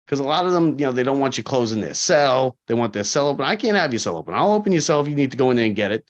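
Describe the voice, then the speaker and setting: Animated man in his forties, lo-fi audio. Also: medium pitch, very fast, hardly any pauses. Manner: animated, acts out quoted people, frequent fillers. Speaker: corrections officer, podcast guest. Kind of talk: casual interview storytelling. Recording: dull lo-fi podcast audio.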